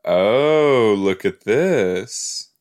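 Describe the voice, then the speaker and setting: A man hosting a podcast, chatting casually as he reacts to a TV episode, easily amused and quick to gasp and laugh. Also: lowish voice, animated, a little mellow.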